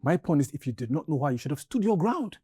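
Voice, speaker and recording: An actor playing a young boyfriend who stammers, hesitates and apologizes in a Nollywood film. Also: male voice, on the high side, big pitch swings, quick pace, mellow, breathy edge, no echo, studio quality. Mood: hesitant. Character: young boyfriend, awkward and conciliatory.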